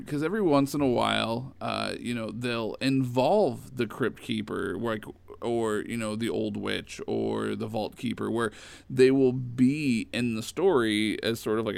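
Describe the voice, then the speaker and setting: A man casually retelling old comic stories in a rambling, animated way. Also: mid-range voice, creaky, dry recording. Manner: rambling, animated storytelling with fillers.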